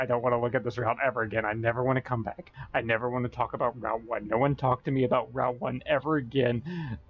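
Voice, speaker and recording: A young man streaming a game at home, chatting in a rambling, excitable way with bursts of high-pitched yelling. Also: moderate pace. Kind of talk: casual live-stream chat. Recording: dull lo-fi stream audio with faint music.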